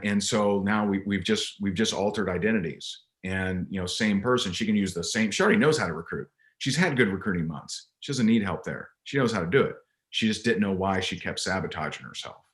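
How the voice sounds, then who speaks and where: A man's voice: deep voice, fairly bright tone. A man, a business coach and interview guest, telling a story from a coaching call in an emphatic, conversational way and often restarting his thoughts. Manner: emphatic, repeats words when restarting a thought.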